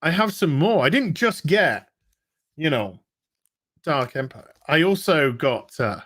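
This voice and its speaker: A man's voice: a little high, measured pace. A man, casually reading viewer messages on a livestream with jokey asides and sudden outbursts. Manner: animated, jokey, with sudden shouts. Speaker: livestream co-host reading super chats.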